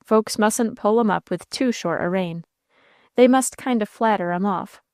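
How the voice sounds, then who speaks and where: A gruff, kindly old sea captain, put on by a woman reading a storybook, drawling in a homespun country dialect. His voice sits at a middling pitch and sounds close and dry. He speaks in a low, confidential way. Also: darkish tone, dry recording, lightly acted. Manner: folksy rural dialect, drawn-out and confidential.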